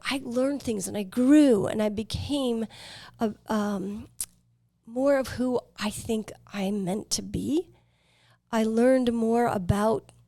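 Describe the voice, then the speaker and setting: Woman in her 50s podcasting her life story, bit of vocal fry, dry close sound, earnest and thoughtful. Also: a little high, darkish tone, no room sound. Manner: earnest, reflective, with fillers and pauses. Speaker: podcast host. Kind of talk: personal storytelling.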